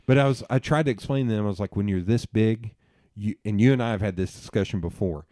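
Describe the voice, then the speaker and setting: A middle-aged man, hosting a podcast and telling animated stories with plenty of swearing and laughter at himself. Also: on the low side, fast, no echo, studio quality. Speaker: podcast host. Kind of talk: casual storytelling chat.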